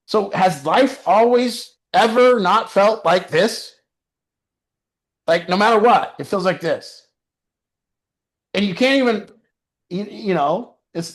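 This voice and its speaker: Animated man giving blunt recovery advice. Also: sits high. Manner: animated, swearing, frequent "you know". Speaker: recovery mentor. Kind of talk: casual advice talk.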